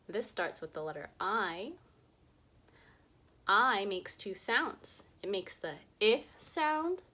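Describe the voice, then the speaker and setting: A woman teaching young children to read, sounding out vowels slowly and with exaggerated emphasis. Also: fairly high pitch, fairly bright tone. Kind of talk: early reading lesson for young children.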